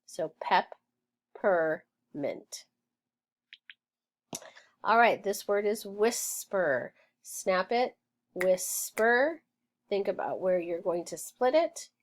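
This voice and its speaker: A woman teaching a phonics lesson, clearly sounding out words and splitting them into syllables. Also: mid-range voice, lively intonation, slow. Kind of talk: slow, deliberate phonics lesson.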